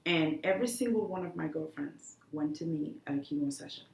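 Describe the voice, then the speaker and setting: A woman being interviewed, talking earnestly and haltingly, with many restarts. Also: deep voice, vocal fry. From The Gambia. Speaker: guest, cancer survivor. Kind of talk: emotional interview talk. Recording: echoey room.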